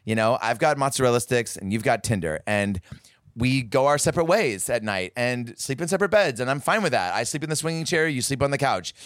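A man's voice: medium pitch, expressive, brisk, a bit bright, no room sound, clean studio sound, close to an everyday voice. A man playing a clingy, oblivious young woman in an improvised comedy sketch, rambling and defensive, matter-of-fact about crude topics. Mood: confessional.

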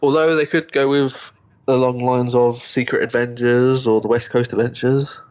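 A man's voice: mid-range voice, flat delivery, normal speed, a little mellow. A man co-hosting a casual podcast chat, rambling and restarting his sentences often. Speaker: podcast co-host. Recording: dull lo-fi sound.

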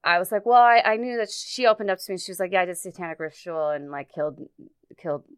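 A woman telling a personal story in casual conversation, halting often, with many fillers and restarts. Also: fairly low pitch, a bit bright, clear, resonant tone, dry recording. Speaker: guest recounting a personal story.

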